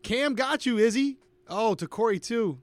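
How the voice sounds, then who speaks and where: A man's voice: very high-pitched, expressive, moderate pace, no room sound. A man co-hosting a podcast, reacting in casual chat, hyped up and cheering at the screen. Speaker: podcast co-host.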